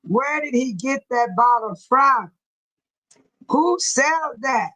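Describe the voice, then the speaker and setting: Laughing, teasing woman with a high voice. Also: expressive, slow pace, bright, forceful tone, highs cut off. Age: older. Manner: laughs often, teasing, calls out viewers by name. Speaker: livestream host reading chat. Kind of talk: casual chat.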